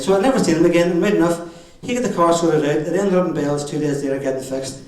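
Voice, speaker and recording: A middle-aged Northern Irish man tells chuckling family stories at a wedding, his voice sitting a little high for a man. He stands back from the microphone, and the hall rings with heavy echo around him. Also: fast talker, hardly any pauses, a little mellow. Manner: jokey storytelling with chuckles. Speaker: father of the bride giving a speech. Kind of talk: wedding speech anecdotes. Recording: very echoey hall, far from the mic.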